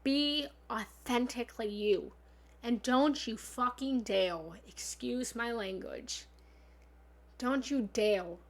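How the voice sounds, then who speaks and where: Her voice is a little high as she coaches on a livestream, playing the spiritual love guide. She's blunt and forceful, with the odd curse, and she swings from booming moments to hushed side comments.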